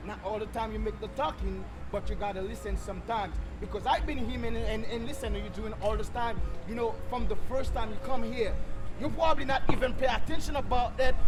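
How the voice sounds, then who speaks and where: A man talking earnestly to street preachers outdoors, repeating "listen" and urging them to be humble. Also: very high voice. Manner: repetitive, urging listen, non-native phrasing. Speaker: passerby addressing street preachers. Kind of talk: impassioned street conversation.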